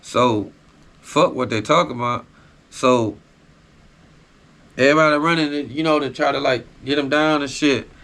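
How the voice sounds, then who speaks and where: Bright-voiced man telling a prison story. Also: mid-range voice, normal speed, long pauses. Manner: raw, profane street storytelling with repeated tag phrases. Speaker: podcast host. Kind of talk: casual storytelling.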